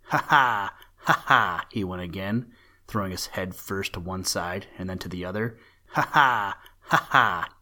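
A man's voice: deep voice, steady tone, normal speed, a bit bright. A man voicing a mischievous bluebird boy who laughs mockingly.

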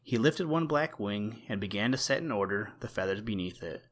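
Low-voiced man reading a storybook. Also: expressive, moderate pace, a bit bright. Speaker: audiobook narrator. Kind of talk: storybook narration.

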